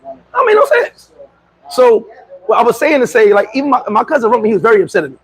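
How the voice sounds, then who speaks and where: A middle-aged man telling a story casually on a livestream, boastful and animated, laughing and swearing often. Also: very high-pitched, rapid-fire, low-quality recording. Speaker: vlogger.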